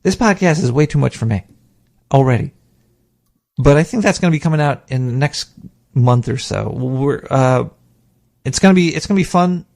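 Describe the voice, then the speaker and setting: A man's voice: mid-range voice, normal speed, vocal fry, pauses often. A man hosting a podcast, rambling casually and profanely about meditation and self-hypnosis, with a studio microphone. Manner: rambling, profane, animated, mimics inner voice. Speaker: podcast host.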